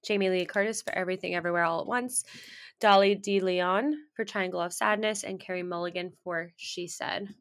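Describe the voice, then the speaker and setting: A woman with a bright, forward voice co-hosting a relaxed chat about awards. She reads out lists of nominees, stumbling over names and filling pauses with ums and likes. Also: medium pitch. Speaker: co-host. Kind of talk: casual film award chat.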